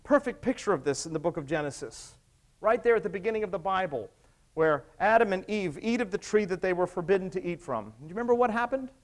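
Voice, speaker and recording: A man with a high, light voice delivers a sermon. He tells stories with drama, dropping low and soft and then building up again. His delivery is that of a practiced preacher. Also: animated, fast talker. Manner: dramatic retelling with acted quotes, swinging from hushed to raised.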